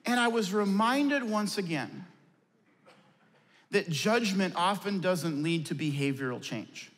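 A male pastor preaching a sermon and telling stories, who drops his voice low and soft to press key points. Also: animated, takes it slowly. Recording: long reverb of a large church hall.

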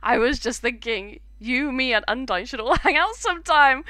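A woman reading out an eager skeleton guy from a cartoony game, high and bouncy, with a voice that leaps up and down and stays bright and close in a dry room. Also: lively intonation, moderate pace, dry recording. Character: cheerful goofy male skeleton.

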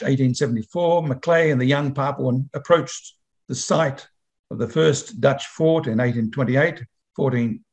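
A man speaking at an online conference in a measured way with occasional restarts, over a video call. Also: mid-range voice, darkish tone. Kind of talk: conference presentation.

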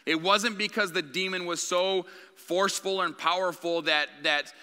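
A guest preacher speaks at normal speed in a high, pushed and bright male voice with fairly even intonation and a clean tone. His sermon in the church sanctuary is frank and conversational, carried by the hall's long reverb.

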